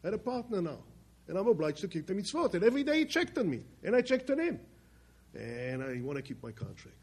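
A man telling a personal story in plainspoken speech, swinging between loud emphatic bursts and quiet low passages. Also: big pitch swings, quick pace, slightly rough. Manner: plainspoken, with restarts and loose grammar. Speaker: speaker telling his life story.

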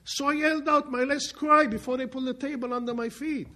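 A man speaking as a condemned male prisoner, in a raised, insistent voice with slow emphasis. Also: very high voice, fairly even intonation, sharp tone, voice pushed up, exaggerated voice. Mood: defiant.

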